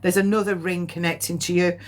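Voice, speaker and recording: A woman's voice: fairly low pitch, level tone, a little fast. A woman giving a live psychic reading, rambling with many ums, coughing often and getting emotional at times. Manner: emotional, near tears at times. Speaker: medium.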